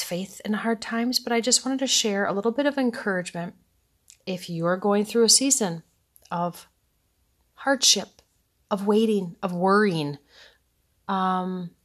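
Sleepy, chatty woman podcast host. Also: mid-range voice. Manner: rambling, chatty, with soft laughs and sighs. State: sleepy, yawning. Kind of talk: casual faith podcast chat. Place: home at night.

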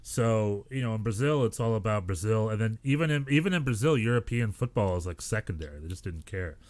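A man's voice: lowish voice, fairly quick, no room sound. A man from the United States, a podcast co-host telling stories in casual chat and acting out quotes with energy. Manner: animated storyteller, acts out quotes.

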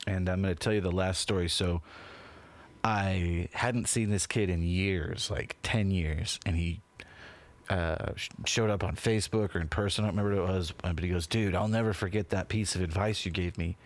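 A man's voice: low voice, steady tone, normal speed. A man co-hosting a podcast in casual chat, telling stories in a laid-back way with frequent swearing and calls of "man" and "dude". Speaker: podcast co-host.

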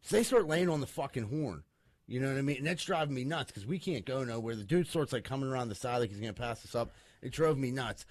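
A fast-talking man tells a profane story in casual banter. His pitch is ordinary for a man. The recording is dry and close. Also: animated, dry recording.

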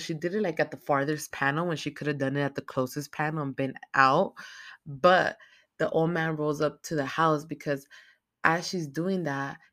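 A film recap commentator casually retells a movie's plot in heavy slang with constant swearing, animatedly acting out characters' lines in quotes. The medium-pitched voice is captured in a clean studio with no echo.

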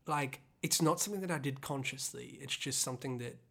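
This singer-songwriter casually explains a song's origin on their podcast, wandering with fillers and restarts, and the pitch leaps when the anger resurfaces. The voice moves fairly quickly, with vocal fry and a fairly bright tone.

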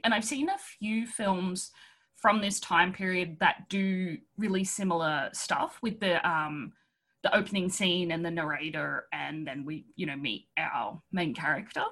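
A woman co-hosting a casual film podcast, talking in a relaxed, agreeable way and thinking aloud as she goes. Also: fairly low pitch, unhurried. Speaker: podcast co-host. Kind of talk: casual film discussion chat.

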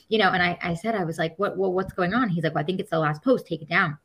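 Low-voiced woman, casual chat, animated storytelling, does the voices of people she quotes. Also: very fast, few pauses, poor audio. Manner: animated, acts out quoted voices, laughs often. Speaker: podcast guest.

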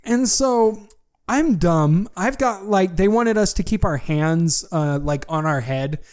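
Animated young man telling a story. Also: high voice, slow pace. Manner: animated storytelling with lots of fillers. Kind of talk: casual chat.

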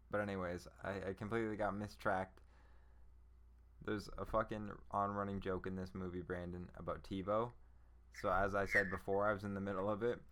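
A young man hosting a podcast, chatting loosely about a movie with frequent swearing and bursts of laughter. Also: lowish voice. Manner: excitable, profane, laughing bursts. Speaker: podcast host. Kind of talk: casual movie chat.

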